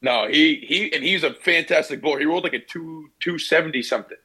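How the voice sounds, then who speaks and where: A man's voice: fairly high pitch, quick pace, pushed and bright, slightly rough, low-quality recording. Chatty young man telling stories. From Pennsylvania, USA. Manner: chatty storyteller, fillers and restarts, mimics people in quotes. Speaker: basketball player, guest. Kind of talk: casual podcast interview.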